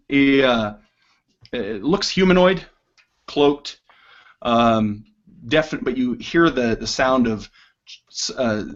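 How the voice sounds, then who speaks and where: A man running a tabletop game, narrating slowly and carefully with fillers. His voice is mid-pitched, and the recording sounds dull and lo-fi. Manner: unhurried, hesitant with fillers. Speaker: game master.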